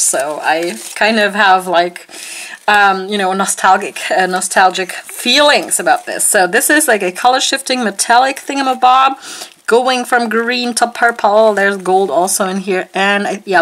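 A woman vlogger chatting casually and gushing excitedly as she unpacks a nail polish haul at home, full of fillers. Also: mid-range voice, poor audio. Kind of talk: casual unboxing haul chat.

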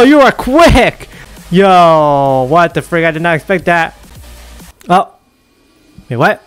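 A man giving excitable let's play commentary, yelping and exclaiming at scares. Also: high-pitched. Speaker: gaming YouTuber.

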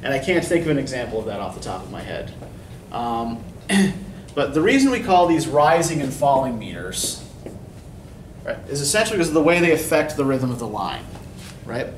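A male English instructor teaches poetry in a classroom lecture, explaining terms and often checking in with "right?". His medium-pitched voice is very animated at a moderate pace, picked up from a distance in an echoey room with a little hiss or hum.

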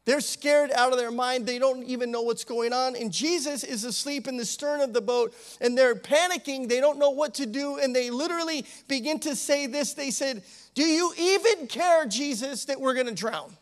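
High-voiced man preaching a sermon. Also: normal speed, hardly any pauses. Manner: conversational preaching with frequent "you know" and "amen"; animated, acts out the disciples' pleading. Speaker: associate pastor.

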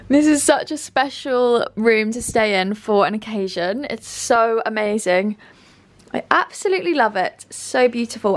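A young woman, gushing and chatty as she vlogs. Her voice sits a little high, with a slightly breathless, excited edge. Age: 20s. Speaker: lifestyle vlogger. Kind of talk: casual vlog tour and outfit chat.

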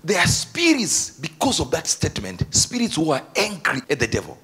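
Preacher, male, high and very lively, bright tone, laughs and shouts through the sermon. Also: normal speed, slightly rough. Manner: animated, laughing, bursts into shouts. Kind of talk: energetic sermon.

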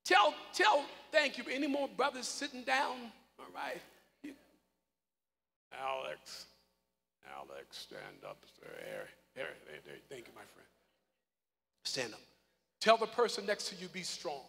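A male pastor preaching a live sermon, calling on congregation members by name and breaking into loud shouts. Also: high-pitched, huge pitch swings, a little slow, creaky, long pauses. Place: large church hall. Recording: live in a reverberant hall with congregation.

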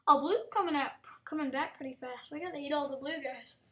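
A woman giving casual gaming commentary, excitable, with frequent exclamations and whispered asides. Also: high-pitched, fast talker, few pauses. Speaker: gameplay commentator.

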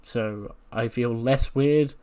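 A man's voice: mid-range voice, takes it slowly, dark tone, clean tone. A man casually narrating and commenting on his wrestling management game. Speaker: let's-play host.

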